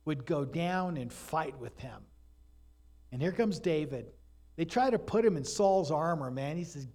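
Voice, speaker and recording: A man delivering a sermon with real animation, his voice set a little high for a man. He tells stories with lots of energy and leans into them. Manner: animated storytelling preacher, acts out voices in stories. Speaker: pastor.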